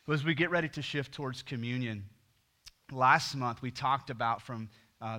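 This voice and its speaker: A middle-aged man preaching a sermon, swinging from loud emphasis to hushed near-whispers. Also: medium pitch. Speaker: pastor.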